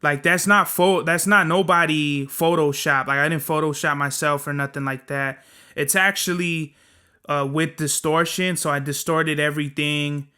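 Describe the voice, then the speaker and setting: A man's voice: on the high side, fairly even intonation, normal speed, pushed and bright, smooth. A young man hosting a solo podcast, talking in a profane, rambling, slangy way. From Southern California. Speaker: podcast host. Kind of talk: casual solo podcast monologue.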